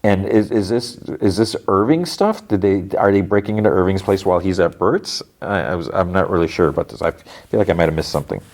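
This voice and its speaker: A man's voice: low-pitched, brisk, few pauses, darkish tone. A man hosting a podcast, casually recapping a TV episode, rambling with lots of "like" and retelling the dialogue scene by scene. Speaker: podcast host.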